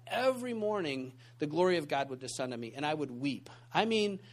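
A man with a strikingly high voice speaks fairly quickly as he preaches to a church group in a meeting room. His informal sermon is chatty and relaxed, full of animated stories, asides and restarts, so it feels like a casual teaching session.

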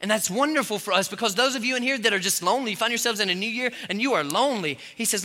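A male pastor preaching a sermon in a large church hall, with sudden surges of loud emphasis. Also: high voice, racing, few pauses. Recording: long hall reverb.

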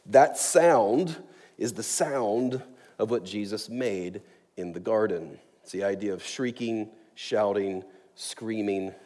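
A man delivers an earnest sermon, leaning hard on important words and drawing them out. His voice sits low and warm. It rings with the long reverb of a large church hall. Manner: earnest, emphatic preaching, slowing on key words. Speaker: pastor.

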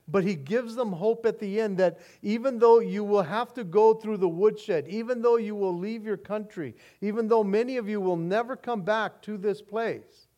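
High-pitched guy preaching, earnest, keeps restarting words, goes soft then punchy. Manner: earnest, restarts and repeats words, swings between soft and emphatic. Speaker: pastor. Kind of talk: sermon.

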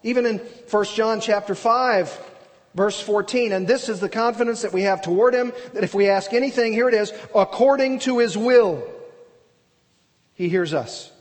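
A man's voice: high-pitched, normal speed, long reverb tail. A man preaching an expository sermon, earnest and emphatic, asking and answering his own questions. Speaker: pastor.

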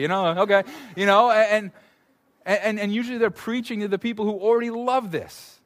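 A male pastor preaching a conversational, animated sermon, often repeating words as he goes. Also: sits high, a little fast.

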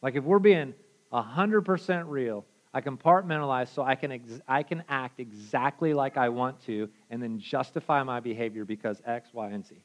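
A male pastor preaching a conversational sermon, candid and casual, dropping to quiet asides and then pushing to loud emphasis. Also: mid-range voice, normal speed.

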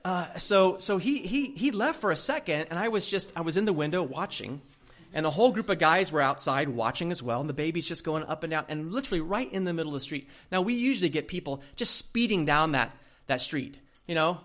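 Guy preaching a sermon, kinda high voice, tells stories all animated, laughs a lot. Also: a little fast. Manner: animated storytelling, laughs often. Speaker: pastor. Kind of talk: sermon with personal story.

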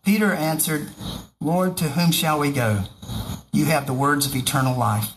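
A man's voice: fairly high pitch, moderate pace, low-quality recording. Casual man reading scripture with asides. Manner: reads scripture aloud and breaks off for joking asides. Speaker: preacher. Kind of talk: casual Bible reading with commentary.

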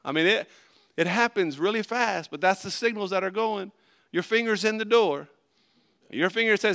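A man preaching a sermon, folksy and animated, swinging between loud emphasis and hushed asides. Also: high voice, moderate pace. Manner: animated, folksy, acts out little voices. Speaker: pastor.

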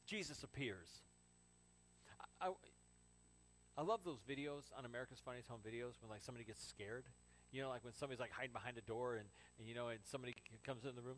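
A male pastor preaching a sermon, telling the story animatedly, ranging from hushed to exclaiming. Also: on the high side, brisk, rough recording.

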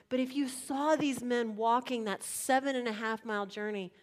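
A woman preaching a sermon in a conversational way, asking her listeners direct questions and swinging between loud emphasis and hushed, near-whispered lines. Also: fairly high pitch.

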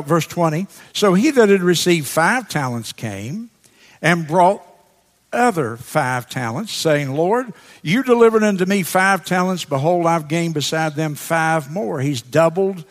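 A man preaching a sermon that works through a scripture passage, speaking deliberately and repeating key words for emphasis. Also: a little high, animated. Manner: slow, deliberate, emphatic repetition. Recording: long hall reverb.

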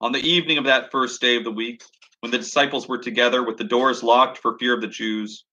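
A man's voice: medium pitch, fairly even intonation, fairly quick, bright, forceful tone. A man preaching a sermon, reading scripture aloud and reflecting on it in an earnest, thoughtful way. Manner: earnest, reflective, reads scripture then expounds.

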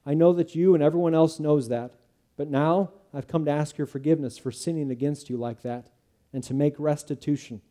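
A man's voice: fairly high pitch, steady tone, brisk, warm tone, lightly acted. A male preacher reading the part of a humble, repentant tax collector, speaking earnestly and pleadingly.

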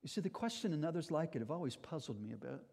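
A man's voice: on the high side, expressive, rapid-fire, creaky, a little mellow, breathy edge. A man preaching a sermon as pastor, earnest and emphatic, speaking directly to his congregation.

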